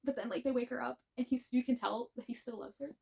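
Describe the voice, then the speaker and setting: A woman reviewing a book series in a gushing, animated way, rambling with many restarts. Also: fairly high pitch, fast talker, gravelly, slightly rough. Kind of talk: casual spoken book review.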